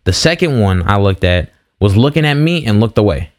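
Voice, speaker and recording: Young male podcast host, low voice, laid-back slangy storytelling, lots of restarts. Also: normal speed. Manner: animated retelling, slangy with "bro" and "bruh", frequent restarts. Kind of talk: casual storytelling.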